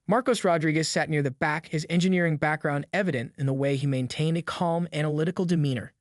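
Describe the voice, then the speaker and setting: Casting: male storyteller, scripted dramatic narration, somewhat high voice, dry close sound. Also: quick pace, few pauses, dry recording.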